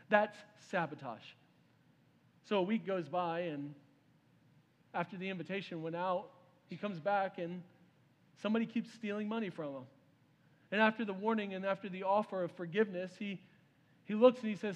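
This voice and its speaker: A man's voice: high-pitched, normal speed, long pauses, lo-fi sound. A male pastor preaching a sermon. He tells a story with feeling and speaks the king's lines himself, then turns to the congregation with "y'all". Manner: storytelling preacher, voices the king's words, addresses the crowd as "y'all". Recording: long reverb of a large hall.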